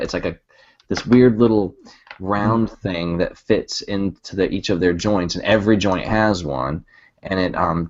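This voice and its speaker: A man co-hosting a podcast, hesitantly searching for words as he explains. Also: low voice. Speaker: podcast co-host. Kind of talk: casual podcast chat. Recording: dull lo-fi audio with faint noise.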